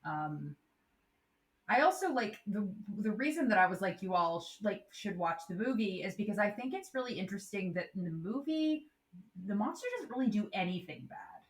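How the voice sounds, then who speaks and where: A woman's voice: mid-range voice, animated, moderate pace, reverberant. A woman co-hosting a casual book discussion, chatty and thinking aloud with lots of fillers. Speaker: podcast co-host.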